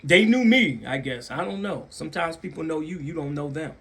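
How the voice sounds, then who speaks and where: A man's voice: a little fast, creaky. A man hosting his own channel, telling a story casually to camera, repeating phrases for emphasis and acting out other people's voices. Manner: acts out other people's voices with big pitch jumps.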